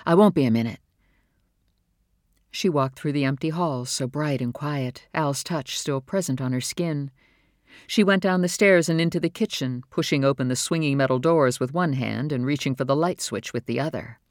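Casting: steady audiobook narrator, even pace, dry booth sound. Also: mid-range voice, no room sound. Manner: calm, measured storytelling.

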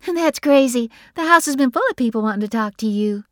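A woman doing blunt high-voiced sister Bree. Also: animated, a little fast, dry recording, clean studio sound, close to an everyday voice. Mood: insistent. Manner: blunt, insistent. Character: outspoken adult woman, blunt, caring sister. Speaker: pharmacist.

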